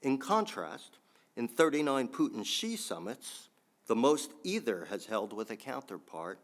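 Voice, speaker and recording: A man's voice: medium pitch, big pitch swings, a little slow. A man giving a think-tank panel talk with frequent ums and restarts, adding dry asides.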